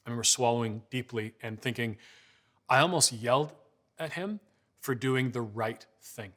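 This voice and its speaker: A man's voice: medium pitch, moderate pace, a bit bright. A man in his forties giving a parenting talk with slides, telling conversational stories and acting out dialogue. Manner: storytelling, conversational, acts out dialogue. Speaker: parenting speaker. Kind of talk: presentation with slides.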